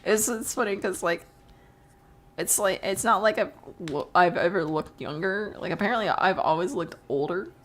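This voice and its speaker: A woman's voice: mid-range voice, moderate pace, a bit bright, a little hiss or hum. A teenage girl live streaming, chatting casually and rambling through stories, laughing often and swearing freely. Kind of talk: casual chat while drawing on stream.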